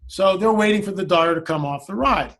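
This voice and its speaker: A man, a guest in a conversation, telling a story in an animated way and acting out the lines of the people in it. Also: high voice, brisk. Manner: animated storyteller who acts out the quoted dialogue.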